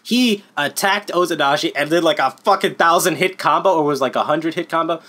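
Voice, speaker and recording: Excitable young-sounding man ranting, swearing. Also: fairly high pitch, fairly quick. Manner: excitable, swears constantly, rambling with many fillers. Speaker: anime YouTuber. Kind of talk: casual unscripted anime review.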